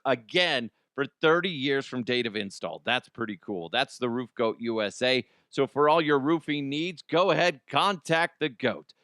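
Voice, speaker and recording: A middle-aged man riffs through a comedy podcast with a bright, crisp voice. He is self-mocking and reads ads casually. The sound is close and dry. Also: no echo. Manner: self-mocking, jumps into high squeals for jokes.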